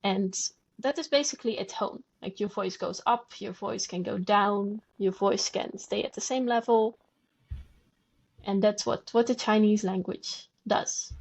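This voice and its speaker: A woman's voice: medium pitch, a little slow, creaky. A woman guest on a podcast, patiently explaining language and demonstrating sounds aloud. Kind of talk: conversational explanation.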